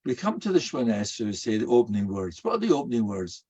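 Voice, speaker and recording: An older rabbi preaching through stories, with a husky, breathy edge to his voice. His pitch sits in the middle, and he brings anecdotes alive with lively delivery. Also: fast talker, lo-fi sound. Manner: animated, acts out quoted voices. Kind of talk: storytelling sermon.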